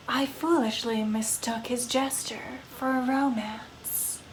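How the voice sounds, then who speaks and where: A melancholy female vampire ghost, elegant and solemn, who speaks softly and very slowly, as a woman acts her out. The voice sits high, and a faint noise lingers behind it. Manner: soft, slow, solemn.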